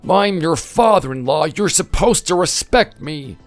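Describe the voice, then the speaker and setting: A man's voice: on the high side, lively intonation, unhurried, no room sound, faint music behind. A man voicing an aggrieved older father-in-law in a voice-acted text story, talking in a plaintive, self-pitying way. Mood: wounded.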